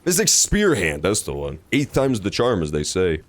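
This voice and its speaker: A man casually commenting on his gameplay, with joking, sarcastic and animated reactions. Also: low voice, moderate pace. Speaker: streamer.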